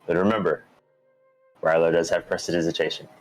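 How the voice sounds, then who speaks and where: Very deep-voiced man playing a tabletop game. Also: level tone, a little fast, soft background music, rough recording. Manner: casual, hesitant, many fillers. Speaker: player.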